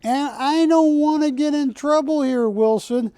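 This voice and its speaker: A man's voice: very high-pitched, a little slow, warm tone, no room sound. A man hosting a live shopping channel broadcast, selling art with chatty, jokey banter from a studio. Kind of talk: live TV sales pitch.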